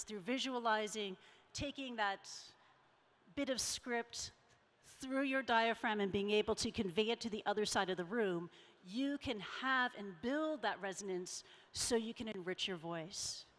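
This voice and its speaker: A woman's voice: mid-range voice, a bit bright. A middle-aged woman giving a conversational, emphatic talk on public speaking as a keynote speaker at a summit. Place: large event hall. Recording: reverberant conference hall.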